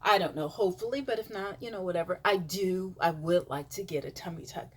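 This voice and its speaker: A vlogger in middle age chats to the camera in a casual storytelling monologue that wanders and leans on fillers. She talks a little fast in a fairly low, slightly rough voice, hushing to a whisper for other people's words.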